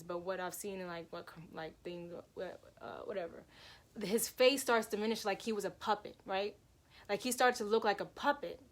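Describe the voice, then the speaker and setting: Young woman vlogger, chatty, rambling storytelling, addresses y'all, many restarts. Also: mid-range voice. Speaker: vlogger telling a personal story. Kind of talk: casual storytelling to viewers.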